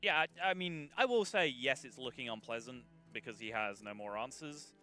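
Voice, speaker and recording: Bright-voiced male esports caster. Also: mid-range voice, animated, moderate pace, faint music behind. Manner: chatty, laughs often. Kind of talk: live esports commentary.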